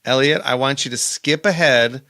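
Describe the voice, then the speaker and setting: A man's voice: mid-range voice, normal speed, sharp tone. A man co-hosting a podcast in casual chat, joking and playing along. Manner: joking, plays along with mock outbursts. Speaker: podcast co-host.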